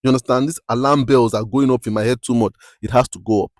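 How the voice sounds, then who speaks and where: A young adult man hosting a podcast, talking in an emphatic, preachy way and often asking "you understand?", with his voice climbing high when he presses a point. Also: fairly even intonation, fast talker, a little mellow, no room sound, studio quality. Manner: rises sharply in pitch when stressing a point. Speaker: podcast host. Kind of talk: motivational podcast monologue.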